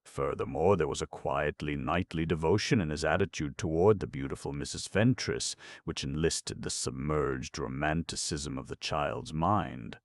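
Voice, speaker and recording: A man narrating an audiobook in a measured, expressive reading. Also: extremely low pitch, creaky, no echo, studio quality. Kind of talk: scripted narration.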